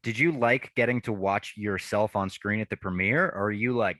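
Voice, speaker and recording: Male podcast host, lowish pitch, dry close sound, casual and enthusiastic. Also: moderate pace, bright, forceful tone, no echo. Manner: enthusiastic, chatty, lots of "like". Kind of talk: casual interview.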